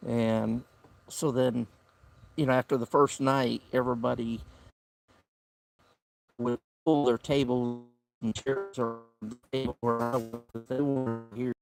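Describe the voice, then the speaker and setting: Slow, gravelly Southern man. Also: mid-range voice, steady tone, soft background music. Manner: slow, easygoing drawl with rambling fillers. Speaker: camping livestream host. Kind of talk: casual live-stream chat. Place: outdoor campsite by the woods.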